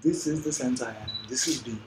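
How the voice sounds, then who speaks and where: Gentle spiritual teacher, a man. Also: medium pitch, a little fast, heavy background noise. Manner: gentle, patient, with frequent tag questions like "no?". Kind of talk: live satsang Q&A teaching. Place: live in-person gathering.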